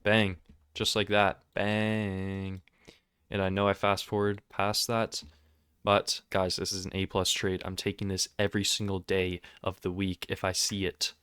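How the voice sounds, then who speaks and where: A man hosting a trading video, talking over his screen in a casual, excitable and sarcastic, self-mocking way. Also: deep voice, unhurried, smooth, no room sound, studio quality. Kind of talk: casual screen-recorded commentary.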